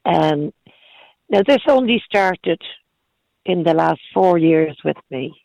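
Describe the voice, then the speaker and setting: A hoarse middle-aged woman calling in to a radio show, talking in halting, earnest bursts that repeat words. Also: sits low, animated, a little mellow, no echo, lo-fi sound. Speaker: caller. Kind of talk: phone-in radio call.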